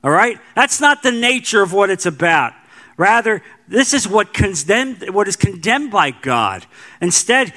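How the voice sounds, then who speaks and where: Middle-aged male pastor, high-pitched and emphatic, preaching with slow stressed repetitions. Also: sing-song, pushed and bright. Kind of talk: sermon.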